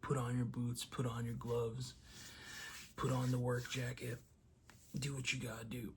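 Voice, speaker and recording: Gravelly young man telling a story. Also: medium pitch, monotone, measured pace, a little hiss or hum. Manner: storytelling, acts out quotes loudly. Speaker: vlogger. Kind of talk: casual motivational monologue.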